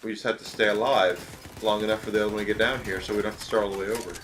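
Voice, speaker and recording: A man talks through a co-op video game session, handing out opinionated advice in a loose, rambling way full of fillers. His voice sits fairly low, and faint background noise runs underneath. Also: fairly even intonation, racing, a bit bright. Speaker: streamer. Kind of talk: casual gameplay commentary.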